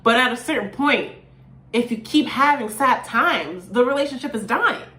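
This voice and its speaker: On her own channel, a YouTube host chats casually and expressively about song lyrics, filling her talk with plenty of "like"s. She speaks at normal speed in a fairly high-pitched voice that sounds reverberant.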